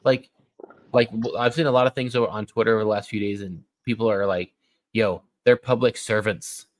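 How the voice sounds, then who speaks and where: A man's voice: lowish voice, fast, a little hiss or hum, low-quality recording. A young man co-hosting a casual podcast, laid-back and slangy, running through the news. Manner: laid-back, says dude and bro. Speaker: podcast co-host. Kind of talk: casual chat, reading news.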